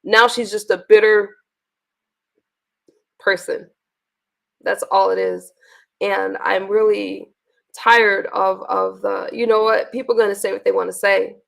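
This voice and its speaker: A woman's voice: mid-range voice, flat delivery, measured pace, creaky, pauses often. A woman hosting a casual livestream, venting bluntly with profanity and frequent restarts. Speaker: livestream host.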